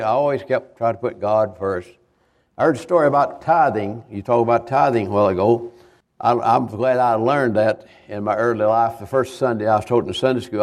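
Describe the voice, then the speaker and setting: An older man, a visiting evangelist giving a homespun sermon testimony, halting and repeating himself as he tells his stories. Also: lowish voice, a little mellow. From Kentucky, USA. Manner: halting, repetitive, homespun storytelling.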